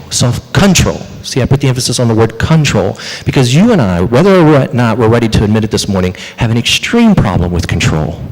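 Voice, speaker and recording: Lively preaching man in a reverberant hall. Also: mid-range voice. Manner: animated preaching with rhetorical questions and quoted asides. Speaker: pastor. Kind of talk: sermon. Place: church sanctuary.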